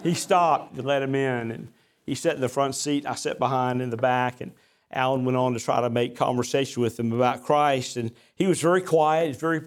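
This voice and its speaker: A man's voice: medium pitch, fairly even intonation, moderate pace. A man preaching a sermon as a pastor, mixing folksy, self-deprecating stories with emphatic scripture reading. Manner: conversational storytelling mixed with emphatic scripture reading.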